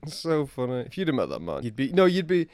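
A man's voice: mid-range voice, wildly swooping pitch, quick pace, darkish tone, no room sound, clean studio sound. A man co-hosting a podcast, chatting wryly and laughing at his own jokes. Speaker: podcast co-host. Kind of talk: casual chat.

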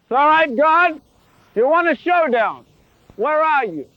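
A guy putting on a cocky little dude mouthing off at god, high voice, kinda muffled lo-fi. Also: animated, measured pace, no room sound. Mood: taunting. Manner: taunting, boastful. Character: cocky little human man defying God. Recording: lo-fi recording.

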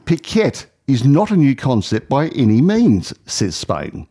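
A man's voice: mid-range voice, huge pitch swings, measured pace, dark tone, husky. A man co-hosting a casual radio chat, reading news items aloud with many fillers and restarts. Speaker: radio co-host.

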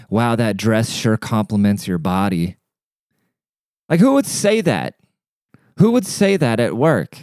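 A man holds forth in a loose, profane and sarcastic rant, like a solo podcast host. His voice sits on the low side for a man. The sound is dry, with no room echo. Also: darkish tone, smooth. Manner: crude, sarcastic, swears freely.

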